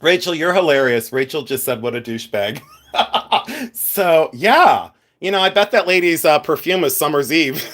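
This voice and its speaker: A man's voice: on the high side, animated, moderate pace, fairly bright tone. A man hosting a live stream about gems, chatting casually with viewers, giggling often and rambling into asides. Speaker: livestream host showing gems.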